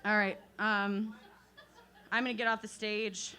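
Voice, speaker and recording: A woman's voice: mid-range voice, flat delivery, measured pace, sharp tone, clear, resonant tone. A young woman doing a self-deprecating stand-up comedy set at an open mic, telling stories full of fillers and laughs. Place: open mic night at a bar.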